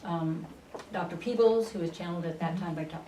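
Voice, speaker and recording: Woman guest, lowish voice, roomy and distant studio sound, faint hiss. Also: mellow. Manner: unhurried, with frequent fillers and restarts. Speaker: interview guest, spiritual channeler. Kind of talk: storytelling in a radio interview.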